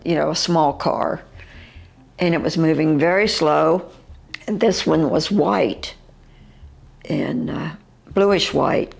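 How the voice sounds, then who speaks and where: An older woman with a West Virginian accent, recounting her own encounter as an eyewitness in a halting, vivid way, with fillers and restarts. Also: low-pitched, vocal fry.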